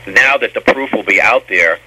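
A man with a low, husky voice and a bright, forceful edge. He rambles through his memories, stammering and doubling back on his words as he answers an interviewer. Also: normal speed, low-quality recording. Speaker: former band member guest. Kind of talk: storytelling interview.

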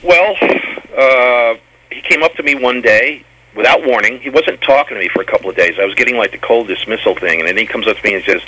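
Husky, bright-toned man telling stories. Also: mid-range voice, a little fast, low-quality recording. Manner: rambling, stammers and repeats words. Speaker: former band member guest. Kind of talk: storytelling interview.

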